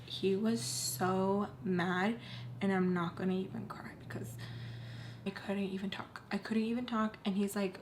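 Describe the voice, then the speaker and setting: Young woman doing a storytime vlog, says "like" nonstop, average pitch, faint noise in the back. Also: steady tone, normal speed. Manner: frequent "like" fillers, drops to near whispers when tense. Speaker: vlogger telling a personal story. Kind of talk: casual storytime monologue.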